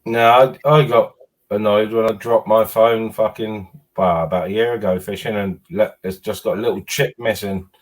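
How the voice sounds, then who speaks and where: A man's voice: on the low side, fairly even intonation, moderate pace, low-quality recording. A man chatting casually as a guest over a video call, mostly giving short, laid-back agreeing replies. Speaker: guest on livestream. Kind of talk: casual chat.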